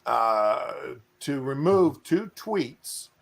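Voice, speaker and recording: A man's voice: medium pitch, lively intonation, very slow, creaky. A man hosting a stream, chatting casually and joking, drawling and trailing off with fillers. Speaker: stream host. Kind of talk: casual chat. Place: home, at bed.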